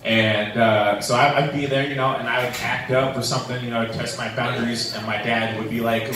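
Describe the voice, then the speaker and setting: A man's voice: medium pitch, flat delivery, brisk, hardly any pauses, a crowd in the background. A young man doing a stand-up comedy set, with a rambling manner full of fillers. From New Mexico, USA. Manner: rambling, filler-heavy storytelling with many "like"s and "um"s. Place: comedy club stage. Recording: echoey room, distant mic, faint room noise.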